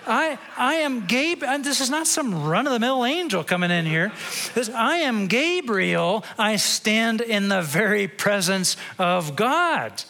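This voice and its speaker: A commanding male archangel, put on by a preacher, pitched well above his speaking voice. His words come slow and drawn out, with a tense, forceful edge. He sounds like a messenger who will not be questioned. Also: sing-song, creaky, full character voice. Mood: emphatic.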